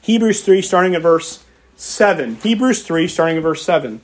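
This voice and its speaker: A man with a fairly high voice preaching from the pulpit. He reads scripture aloud, then presses his point by repeating key phrases with emphasis. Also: animated, normal speed. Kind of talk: expository sermon.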